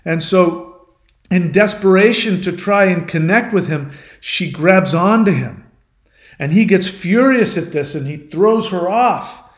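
A man's voice: sits high, lively intonation, unhurried. A man hosting his channel, telling a myth as a lesson in a conversational way, with explanatory asides to the listener. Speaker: channel host. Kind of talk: storytelling, retelling a myth as a lesson. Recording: roomy echo.

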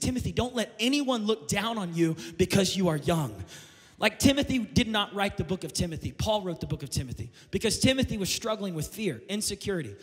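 A man preaching a sermon as pastor, impassioned and building to shouted climaxes. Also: high voice. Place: church sanctuary. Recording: long reverb of a church hall.

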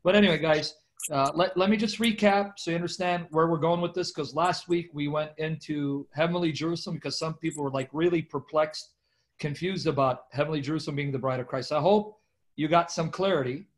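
Animated man teaching a Bible class. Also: fairly high pitch, brisk. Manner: animated, emphatic, talks to viewers as "guys". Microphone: video call microphone.

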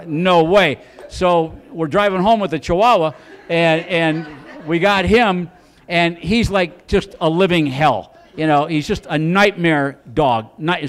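Middle-aged male stand-up, rambling and stammering, slightly high-pitched, live club set. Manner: rambling, stammering delivery with many restarts. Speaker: stand-up comedian. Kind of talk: stand-up storytelling. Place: comedy club stage.

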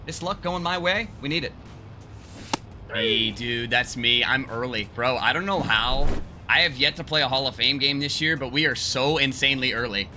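A man giving excited, joking gameplay commentary with crude trash talk and bursts of yelling. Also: mid-range voice, moderate pace, over music. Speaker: gaming video creator.

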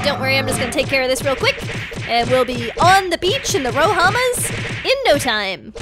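A young adult woman narrating a game story in an excitable way, full of gasps. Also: high-pitched. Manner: excitable, gasping.

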